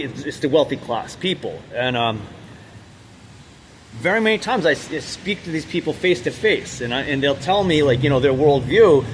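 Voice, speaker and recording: Guy ranting off the cuff, kinda high voice, keeps restarting sentences, really emphatic. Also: a little hiss or hum. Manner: rambling, halting delivery with frequent restarts and fillers; intense, emphatic. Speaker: vlogger. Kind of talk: unscripted monologue.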